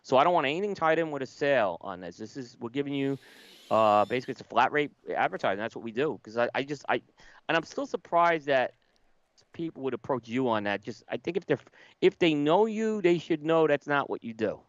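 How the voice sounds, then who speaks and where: A man's voice: mid-range voice, animated, a little fast, no room sound. A man co-hosting a podcast, speaking casually and emphatically. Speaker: podcast co-host. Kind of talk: casual chat. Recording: dull lo-fi sound.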